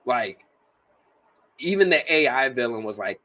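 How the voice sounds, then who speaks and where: A man's voice: medium pitch, a little slow. A man reviewing a movie in a casual, jokey, slang-filled way. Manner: animated, slangy, jokey delivery.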